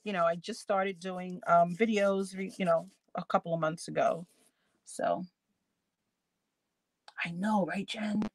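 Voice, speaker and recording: A woman's voice: lowish voice, steady tone, unhurried, long pauses, no echo. A woman hosting a crafting live stream, chatting casually with her viewers and laughing often as she works. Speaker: crafting channel host.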